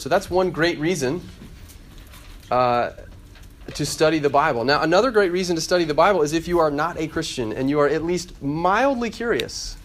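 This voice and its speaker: A man in his thirties preaching a conversational sermon to a student group, often repeating phrases. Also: a little high. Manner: conversational, repeats himself, acts out quoted voices. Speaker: campus ministry preacher.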